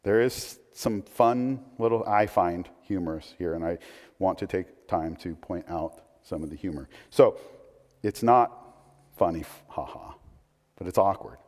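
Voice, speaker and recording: A man preaching a sermon in a conversational, animated way, with asides and questions to the listeners. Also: deep voice, unhurried. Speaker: pastor. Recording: long hall reverb.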